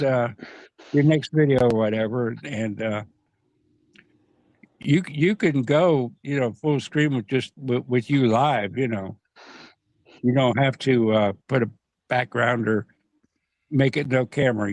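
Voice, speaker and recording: A man chatting casually on a streamed panel call, halting and repeating his words, laughing often. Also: medium pitch, no echo. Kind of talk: casual chat. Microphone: video call.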